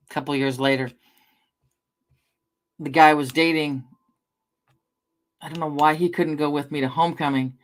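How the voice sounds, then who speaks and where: Middle-aged woman rambling through stories. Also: low-pitched. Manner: rambling storyteller, swears casually, talks to chat. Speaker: livestreamer. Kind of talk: casual livestream chat.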